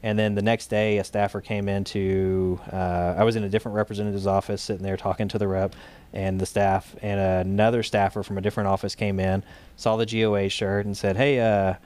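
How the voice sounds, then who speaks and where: A man's voice: lowish voice, level tone, fairly quick, a little mellow. A man, a guest in a casual interview, tells a long story in loose runs full of fillers and restarts. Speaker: guest, state director of a gun rights group.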